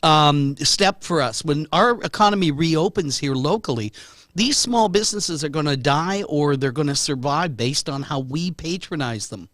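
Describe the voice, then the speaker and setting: A man's voice: on the high side, lively intonation, normal speed, fairly bright tone, no room sound, clean studio sound. A middle-aged Canadian man with a Canadian accent, hosting a casual live talk show in a jokey, chatty way and greeting viewers. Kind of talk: casual live-stream chat.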